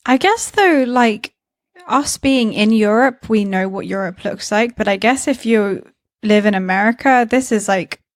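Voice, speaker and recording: A woman's voice: mid-range voice, dry recording. Woman from the Netherlands, podcast co-host, chatty, laughs a lot, dry close sound. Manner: chatty, laughs often, quick asides. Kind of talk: casual chat.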